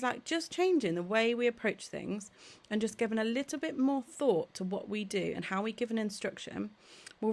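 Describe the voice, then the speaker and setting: A woman's voice: a little high, gravelly. A woman in her thirties, a play therapist, giving an earnest, encouraging parenting talk with frequent "okay?" check-ins. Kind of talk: direct-to-camera parenting talk.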